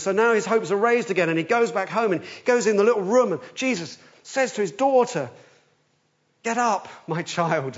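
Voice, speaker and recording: A man preaching a sermon, telling the story with animation, swinging between urgent and hushed. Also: high-pitched, dull audio.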